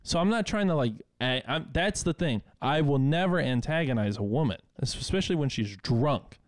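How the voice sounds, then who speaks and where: A man's voice: medium pitch, animated, moderate pace, dry recording. A young man from the American Midwest, co-hosting a podcast, telling a bar story in casual chat with laughter and swearing. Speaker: podcast co-host.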